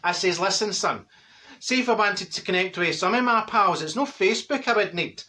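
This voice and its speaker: Brief: man as older Glaswegian woman, high bright voice, Glaswegian Scottish accent, gossipy comic monologue, blunt and mischievous. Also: animated, fairly quick. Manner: rambling, gossipy, blunt with malapropisms. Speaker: comic character.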